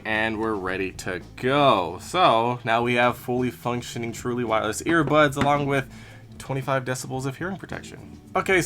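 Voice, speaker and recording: A man in a relaxed, chatty product review, narrating what he does as he goes. His voice sits at an ordinary middle pitch, and his talk is easygoing and conversational. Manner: chatty, talks through each step as he handles the product. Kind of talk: casual unboxing and review.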